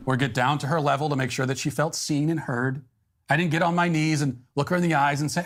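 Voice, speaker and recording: A man in a played clip of talk commentary, speaking in a calm, firm, matter-of-fact way. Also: a little high, fast.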